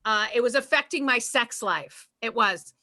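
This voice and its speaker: Middle-aged Boston woman, stand-up comic on a video call; high, bright voice, chatty and self-mocking. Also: animated. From Boston area, USA. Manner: chatty, self-deprecating, breaks into quick put-on voices. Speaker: stand-up comedian.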